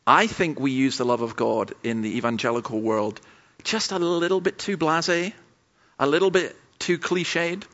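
A man's voice: on the high side, moderate pace, a bit bright. A man preaching a sermon at a church camp, telling stories in a conversational way with frequent asides. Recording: dull lo-fi sermon recording.

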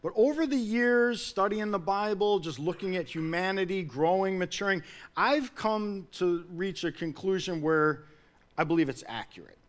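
A man preaching a sermon in an earnest manner, building to loud emphatic peaks and then dropping low. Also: normal speed.

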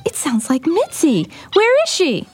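A middle-aged woman playing a caring, patient mother who gently teaches her son, in a radio drama. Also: very high-pitched, wildly swooping pitch, unhurried, slight background noise, full character voice.

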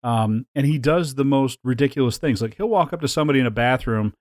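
A man's voice: medium pitch, fast, a little mellow, dry recording, clean studio sound. Rambling, chatty male podcast host. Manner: rambling, with frequent fillers and laughs. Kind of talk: casual chat.

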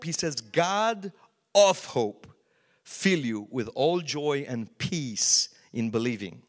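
Animated man preaching a lively sermon. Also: a little high, slow pace. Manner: lively storytelling with acted-out quotes. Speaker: pastor.

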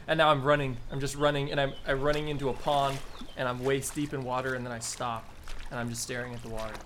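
A man's voice: mid-range voice, little pitch movement, quick pace, a bit bright, a little hiss or hum. A man improvising as a nervous groom in a comedy scene, goofy and rambling. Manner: goofy, rambling, says "like" a lot. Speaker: improv participant playing a groom. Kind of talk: improvised comedy role-play.

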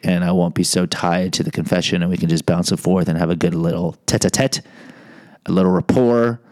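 A man's voice: sits low, a little mellow. A man hosting a podcast, telling a personal story in a candid, self-deprecating monologue with frequent restarts. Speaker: podcast host.

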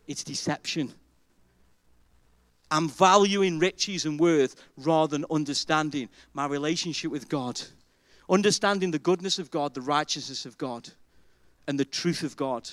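A man preaching a sermon as pastor, emphatic and animated, asking the congregation rhetorical questions. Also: a little high, measured pace, dry recording. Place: church.

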